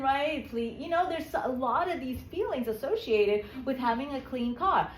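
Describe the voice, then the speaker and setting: Energetic woman coaching a live workshop. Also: sits high, normal speed, hardly any pauses. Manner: energetic, keeps checking in with "right?". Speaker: public speaking coach. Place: workshop room. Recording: echoey room with faint background noise.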